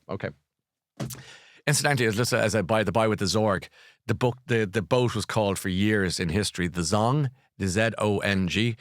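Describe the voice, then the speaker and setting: A middle-aged Irish man in a relaxed, digressive book chat, jumping from story to story with lively asides. His voice sits on the low side and the sound is dry and close, with little room around it. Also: dry recording. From Ireland. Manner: chatty, digressive, animated storytelling. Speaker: broadcaster recommending books. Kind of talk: casual live chat.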